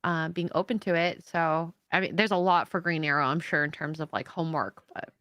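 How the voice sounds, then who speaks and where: A woman co-hosting a casual livestream chat, lively and giggly, on a close mic. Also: low-pitched, a little fast, no room sound. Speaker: co-host.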